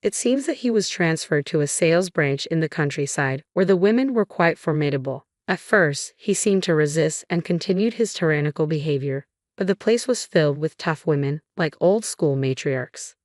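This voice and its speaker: A woman tells a first-person drama story in an even, measured delivery. Her voice is low for a woman, and the recording is dry and close with no room sound. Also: no room sound. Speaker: narrator.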